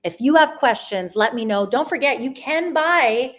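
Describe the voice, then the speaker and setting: A woman's voice: high voice, lively intonation, normal speed, fairly bright tone. A woman hosting a live online travel sale, chatting in an upbeat, rambling way as she presents deals and answers viewer questions. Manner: chatty and upbeat, with frequent restarts. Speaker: livestream sale host. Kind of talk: live shopping stream presenting.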